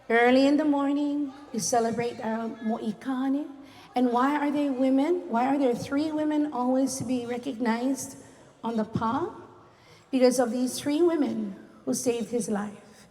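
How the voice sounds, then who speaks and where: A woman with a Hawaiian Pidgin lilt talks story about her ancestors, earnest and heartfelt. Her voice sits slightly high. It echoes with a long, reverberant tail. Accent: Hawaiian Pidgin-inflected English. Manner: earnest, warm-hearted, sprinkles Hawaiian words. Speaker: cultural storyteller. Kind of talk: heartfelt talk story at a community gathering. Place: community reunion event.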